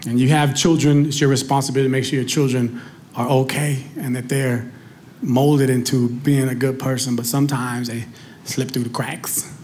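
A man doing stand-up comedy on stage, telling stories in a conversational, animated way. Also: medium pitch, moderate pace, slight background noise. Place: comedy stage before a live audience.

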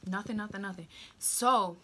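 A young woman vlogger telling a casual story, animated and slangy, with dramatic asides and sudden whispers. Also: medium pitch, normal speed, a little hiss or hum.

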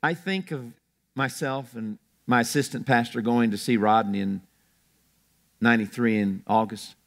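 Older male preacher with a gravelly voice, storytelling sermon style, prone to restarts. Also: medium pitch, fairly even intonation, normal speed. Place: church.

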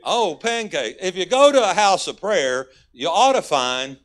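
A man's voice: high voice, very animated, measured pace, a bit bright. A man with a Texas accent, a guest pastor preaching a folksy, conversational sermon in a church. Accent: Texan. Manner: folksy, conversational preaching with sudden emphatic rises.

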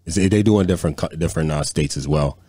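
A man's voice: very deep voice, fast, dark tone, slightly rough, no room sound. A man co-hosting a podcast, telling profane, rambling anecdotes in casual chat full of repeated fillers. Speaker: podcast co-host.

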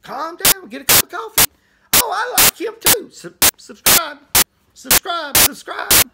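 A man imitating an excitable man who shouts in disbelief in a high voice. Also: measured pace, creaky, exaggerated voice. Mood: excited. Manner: high-pitched shouting exclamations. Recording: heavy static hiss.

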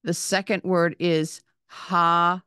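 A woman's voice: fairly low pitch, level tone, slow pace, pushed and bright, clean tone, dry recording, studio quality. A woman giving a patient reading lesson, saying each word, spelling out its letters and vowel sounds, then repeating it. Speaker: Hebrew reading teacher.

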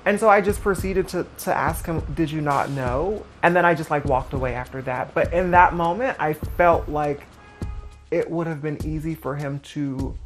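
A woman's voice: low-pitched, moderate pace. A woman in an interview telling a candid personal story, speaking plainly with lots of filler words. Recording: music bed underneath.

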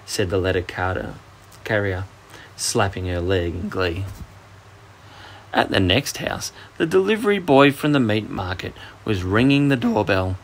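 A man with an Australian accent narrating a children's bedtime story with expressive storytelling. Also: low-pitched, normal speed, slight background noise.

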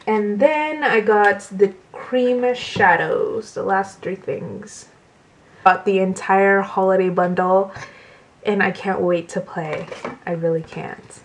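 A young woman chats to her camera from her bedroom, unhurried and soft-spoken. She gushes over each item with gasps and little laughs, in a casual vlog tone. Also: medium pitch, a little hiss or hum. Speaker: beauty vlogger. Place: bedroom at home.

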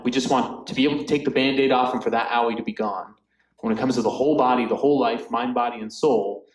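A man leads a Bible study in a relaxed, conversational way, packing his talk with fillers and asides. His voice sits at an ordinary middle pitch. The sound carries the echo of a roomy space. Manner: chatty, filler-heavy, often laughs. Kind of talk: casual Bible study teaching. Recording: echoey room.

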